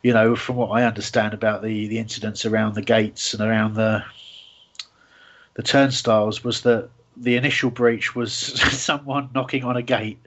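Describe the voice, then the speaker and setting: A man's voice: lowish voice, level tone, normal speed, fairly bright tone. A man hosting a casual football fan radio show, rambling with lots of fillers and restarts. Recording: dull lo-fi sound.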